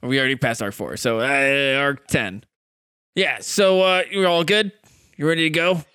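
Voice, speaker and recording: A man's voice: medium pitch, moderate pace, bright, forceful tone, clean tone, dry recording, clean studio sound. A man running a tabletop game as game master, narrating casually with loose, rambling phrasing. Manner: loose, casual, full of fillers and restarts.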